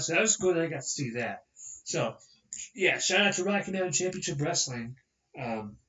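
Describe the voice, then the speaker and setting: Animated young man telling a story, roomy and distant. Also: on the high side. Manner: rambling, animated, acts out quotes. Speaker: podcast host. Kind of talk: casual storytelling chat. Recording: roomy, distant, dull sound.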